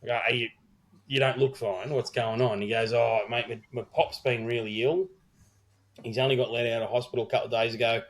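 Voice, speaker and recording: A man's voice: medium pitch, fairly even intonation, a little fast. Australian man, middle-aged, podcast co-host, casual sweary storytelling, quotes people as he goes. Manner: swearing, rambling anecdote with quoted dialogue. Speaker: podcast co-host and wedding celebrant.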